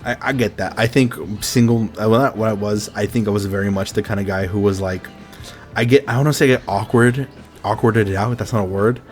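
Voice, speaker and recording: Podcast host dude, loose and sweary, laughs a lot, music faint in the back. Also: male voice, lowish voice, fairly even intonation, brisk, a little mellow. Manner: loose, profane, laughing banter. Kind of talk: casual chat.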